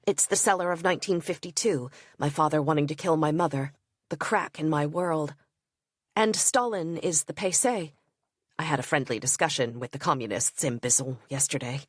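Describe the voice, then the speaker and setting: Woman narrator, lowish voice, dry booth sound; measured introspective diary read. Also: no echo. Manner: measured, introspective reading with soft low asides. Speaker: audiobook narrator. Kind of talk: scripted first-person diary narration.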